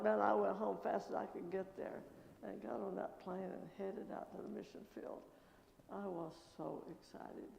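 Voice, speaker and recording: Older woman with a gravelly voice. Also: medium pitch, normal speed, dull audio, a little hiss or hum. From American Midwest. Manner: lively storytelling with laughs and quoted dialogue. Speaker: missionary. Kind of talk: testimony talk at church. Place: church sanctuary. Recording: echoey church with long reverb.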